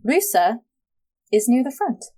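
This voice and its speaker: A woman narrating a tabletop role-playing game as game master, describing scenes in a relaxed way with some fillers. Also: fairly high pitch, measured pace.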